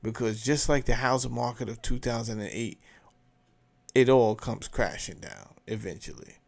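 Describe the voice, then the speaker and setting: A man's voice: mid-range voice, normal speed, creaky. A man hosting his own show, giving blunt, profane, emphatic commentary in a casual rant. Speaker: show host commenting on a clip.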